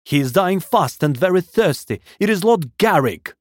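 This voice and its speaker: A man's voice: on the high side, very animated, moderate pace, no echo, studio quality, pitched above the performer's own voice. A man reading a storybook voices a frantic male servant, pleading urgently for water for his dying master. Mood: desperate.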